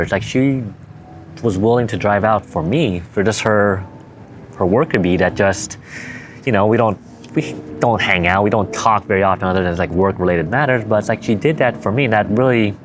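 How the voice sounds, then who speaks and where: A young man with a lowish voice tells a personal story in a loose, rambling way, stopping to correct himself and acting out what he and others said. Steady background noise sits under the recording. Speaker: physical therapist. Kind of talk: casual storytelling to camera.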